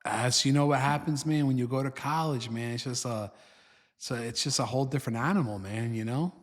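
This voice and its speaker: A man's voice: medium pitch, a little fast, big-room sound. A middle-aged man with a New Jersey accent, a father and co-host teasing his son in casual chat, blunt and fond of saying "man". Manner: teasing, blunt storyteller, says "man" often.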